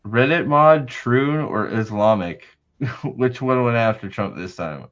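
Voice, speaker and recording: A man's voice: medium pitch, slow pace, fairly bright tone, muffled recording. A man hosting a livestream in casual chat, rambling and swearing heavily, often restarting his sentences. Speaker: livestream host.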